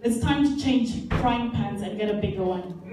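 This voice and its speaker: A woman's voice: mid-range voice, normal speed, mellow. A woman conference speaker giving an earnest, emphatic motivational talk with Bible examples, repeating key phrases, heard from far off in an echoey hall with faint music. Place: large indoor leisure centre hall.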